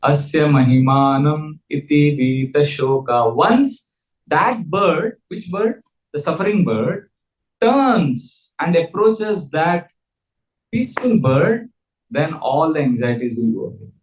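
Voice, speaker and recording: A man's voice: fairly high pitch, very animated, takes it slowly. Earnest man lecturing in an echoey room. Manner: earnest, leads call-and-response chanting. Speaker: spiritual teacher. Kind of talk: scripture lecture.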